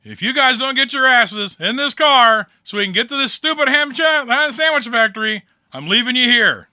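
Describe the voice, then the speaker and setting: A man voicing an impatient male limo driver in a tabletop game, shouting loud and fed up. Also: very high-pitched, animated, moderate pace, no echo, voice pushed up, exaggerated voice. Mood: exasperated.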